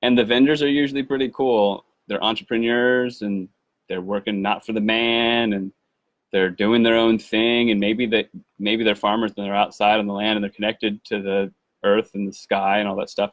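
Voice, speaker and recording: A man's voice: lowish voice, level tone, fairly quick, no room sound. A man telling a rambling, enthusiastic personal story to his viewers, with many restarts. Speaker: activist video maker. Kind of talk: casual storytelling to camera.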